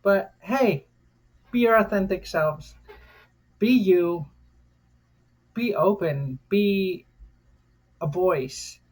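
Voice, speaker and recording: A woman's voice: lowish voice, extremely slow, long pauses, a little mellow. An American woman vlogger giving an impassioned, defiant rant, cursing freely and repeating phrases for emphasis. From United States.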